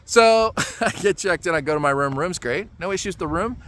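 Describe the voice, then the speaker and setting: A man telling a travel story in a casual vlog, animated and exasperated, with many fillers. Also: high voice, brisk. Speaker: travel vlogger.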